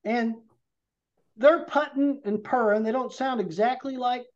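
A man's voice: extremely high pitch, measured pace. A man, a podcast guest, telling a rambling hunting story in vivid detail and a casual way. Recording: dull lo-fi podcast audio.

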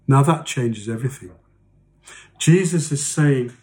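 Slow, earnest preaching man. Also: sing-song. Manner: slow, earnest preaching with mocking quoted voices; drops to soft low tones on key phrases. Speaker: pastor. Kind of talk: sermon.

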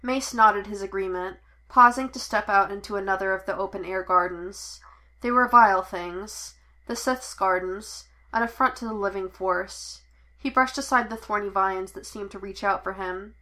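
A woman reading a piece of fan fiction aloud as narrator, even and measured. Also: mid-range voice. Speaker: podfic reader. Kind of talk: storybook narration.

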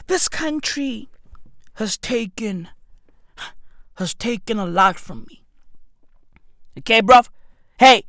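A man from South Africa doing a loud, profane comedic rant, mocking and shouting. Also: high voice, animated, slow pace, long pauses, dry recording, studio quality. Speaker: comedian ranting.

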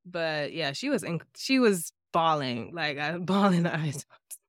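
A woman's voice: sits low, animated, measured pace, no echo, clean studio sound. A woman co-hosting a podcast in casual chat, often murmuring agreement and adding laughing asides. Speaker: podcast co-host.

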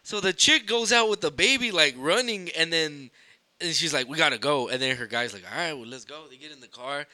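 Young man, bright voice, lively swearing storyteller who drops in Spanish. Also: on the high side, brisk. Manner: animated, swears freely, mixes in Spanish phrases. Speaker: podcast guest storyteller. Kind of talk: casual storytelling chat.

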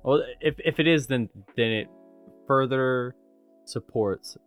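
A man's voice: medium pitch, slow, clean tone, faint music behind. A man in casual podcast chat, laid-back and joking, swearing freely as he tells stories.

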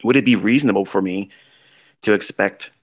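A man's voice: lowish voice, brisk, husky. A middle-aged man lecturing as a trading mentor, giving blunt fatherly advice with rhetorical questions. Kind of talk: lecture-style talk.

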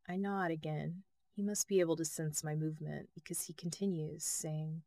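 Woman reading her own book in first person, lowish voice, close and dry, pretty emotional. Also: fairly even intonation, moderate pace, hardly any pauses, dry recording. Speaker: author reading her novel. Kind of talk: first-person audiobook narration.

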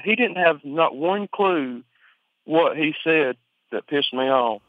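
A man with an Alabama Southern accent telling a story over the phone in an informal, rambling way, full of swearing and halting restarts. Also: fairly high pitch, animated, dry recording. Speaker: interviewee on a phone call. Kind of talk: conversational storytelling. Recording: tinny phone line, dry.

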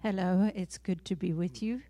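A woman's voice: fairly low pitch, fairly even intonation, normal speed, dark tone. A middle-aged woman with a South African accent, a missionary speaking earnestly to a church congregation, often laughing lightly. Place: church sanctuary.

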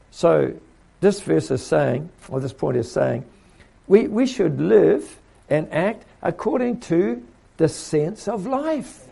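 Gravelly male preacher, husky and mellow, chatty sermon delivery. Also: sits high. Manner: conversational and animated, with repeats and acted quotes.

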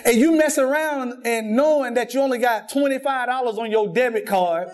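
In a church sanctuary, a man with a very high voice preaches at normal speed. He delivers lively stories and jokes, with a good deal of repetition.

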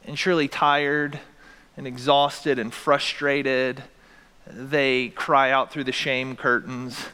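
A man's voice: a little high, little pitch movement, normal speed, sharp tone, clean tone, long reverb tail. A man preaching a sermon as pastor, with dynamic delivery that acts out the voices he quotes. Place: church sanctuary.

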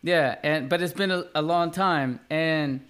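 An American man hosting a relaxed podcast, his voice sitting a little high for a man. He jokes around and laughs often in loose, casual conversation. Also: measured pace, clean tone. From United States.

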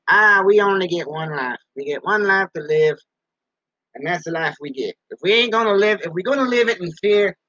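Casual male host who rambles from his basement, high bright voice, dry muffled sound. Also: no room sound. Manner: talks about himself in third person, repeats words. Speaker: podcast host.

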